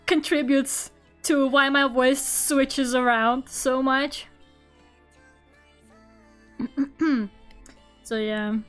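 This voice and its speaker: A woman's voice: high-pitched, steady tone, extremely slow, pauses often, clear, resonant tone, soft background music. A young woman with a Russian accent, a native Russian speaker, chatting casually while she draws on stream. She rambles, laughs a lot and fills her talk with "like" and "I don't know". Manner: rambling, laughs often, lots of fillers.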